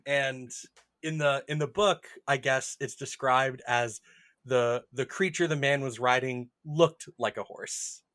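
A man's voice: medium pitch, measured pace, a bit bright, dry recording. A man co-hosting a casual podcast, chatting and analyzing a film scene in detail. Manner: chatty, analytical, quotes film lines in mock voices. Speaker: podcast co-host.

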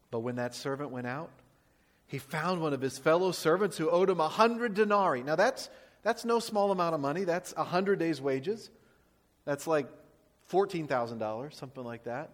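Expressive pastor preaching in a reverberant hall. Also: male voice, fairly high pitch. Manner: expressive storytelling, drops to quiet emphasis. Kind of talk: sermon.

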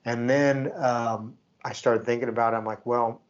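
With a medium-pitched voice at a moderate pace, a man co-hosting a podcast tells a story in casual conversation. He is animated, acting out who said what, and the sound is lo-fi.

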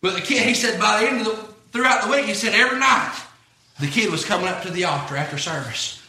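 A man's voice: sits high, expressive, fast, bright, forceful tone, roomy sound. A man preaching a sermon, retelling a story in a folksy way with repeated "he said".

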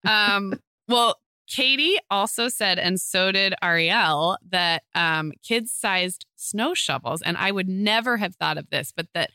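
Podcast cohost lady, bright sharp voice, upbeat, running thru listener tips. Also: medium pitch, expressive, slow, few pauses, clean tone, no echo. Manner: upbeat, steers the talk through listener tips. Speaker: podcast co-host. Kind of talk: casual chat.

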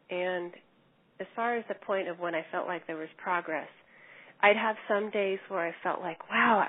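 Husky middle-aged woman on a tinny line. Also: lowish voice. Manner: earnest, measured telling with small restarts. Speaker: coma survivor telling her story. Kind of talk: personal storytelling.

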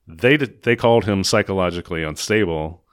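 A man's voice: low voice, a little fast, no room sound, studio quality. A man hosting a casual podcast, recapping a movie in a loose, rambling way with some swearing. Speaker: podcast host recapping a film. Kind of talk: casual chat.

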